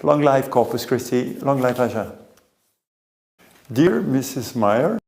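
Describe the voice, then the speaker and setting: A man's voice: medium pitch, expressive, creaky, darkish tone. Hesitant French-accented man giving a speech. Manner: halting, many hesitations. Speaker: delegation committee member. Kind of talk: formal ceremony speech.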